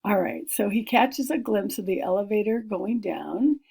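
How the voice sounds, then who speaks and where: A woman's voice: medium pitch, lively intonation, normal speed, vocal fry, warm tone, slightly rough, low-quality recording. A woman teacher reading a screenplay aloud to young pupils and explaining it step by step, with many fillers and asides.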